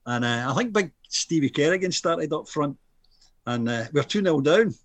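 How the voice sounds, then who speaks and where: A Scottish man in his fifties recalls his playing days in easy, animated chat. He acts out the quotes of others and laughs through his own story. His voice sits a little high, and the sound is close and dry. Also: normal speed, no room sound. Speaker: former footballer guest.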